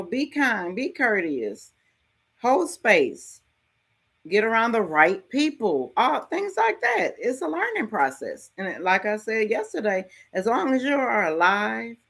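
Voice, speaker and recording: A middle-aged woman hosting a podcast, giving a frank, casual motivational talk and telling stories with lively ups and downs and some mild swearing. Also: on the high side, measured pace, creaky, breathy edge. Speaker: podcast host.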